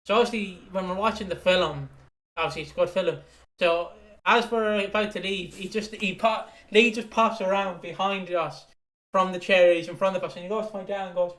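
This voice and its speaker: A man's voice: sits high, fairly even intonation, normal speed, fairly bright tone. A man co-hosting a podcast, telling stories in a rambling way with many fillers and casual swearing. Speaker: podcast co-host. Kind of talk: casual chat. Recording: roomy echo.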